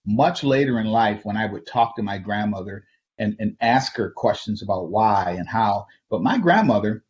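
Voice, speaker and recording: A middle-aged man from Flint, Michigan, tells personal stories to an audience in a loose, conversational way. He chuckles often and restarts his sentences. His voice sits fairly low, and the recording sounds dull and lo-fi. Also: lively intonation, moderate pace. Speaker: invited speaker. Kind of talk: personal storytelling talk.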